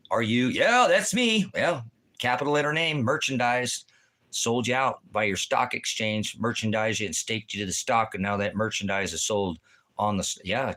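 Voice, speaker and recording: Man, lowish voice, angry profane rant, rambling, repetitive, agitated, heavy swearing. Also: fairly bright tone. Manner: crude and swearing heavily. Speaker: vlogger. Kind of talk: profane ranting monologue.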